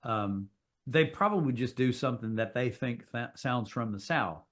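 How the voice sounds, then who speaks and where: A middle-aged man from Kentucky with a Kentucky accent, an actor chatting as a podcast guest, telling animated stories and swearing freely. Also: medium pitch, normal speed. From Kentucky, USA. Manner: animated storytelling with frequent swearing. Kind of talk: casual interview chat.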